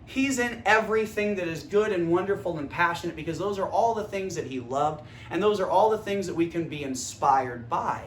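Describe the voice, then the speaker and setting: Energetic high-voiced man rambling into his phone. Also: brisk, hardly any pauses, reverberant, a little hiss or hum. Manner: energetic, rambling, swears freely. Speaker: vlogger. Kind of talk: casual philosophical monologue. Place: indoor room.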